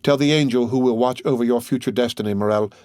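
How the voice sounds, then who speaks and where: A man's voice: medium pitch, quick pace, a little mellow, smooth, dry recording. Man reading a classic novel aloud, dry sound. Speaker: audiobook narrator. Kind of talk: audiobook narration of a classic novel.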